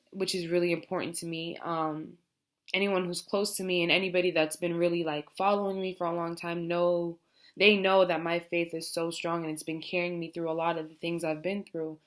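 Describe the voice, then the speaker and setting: A young American woman from the United States talks reflectively in a heartfelt personal vlog, rambling with many fillers such as "you know" and "like." Her voice is fairly low and a bit bright.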